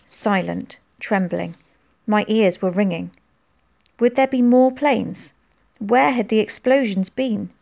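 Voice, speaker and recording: Expressive woman reading a children's novel. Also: creaky. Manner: expressive, voicing dialogue with lifted pitch. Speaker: audiobook narrator. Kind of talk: scripted narration of a children's novel.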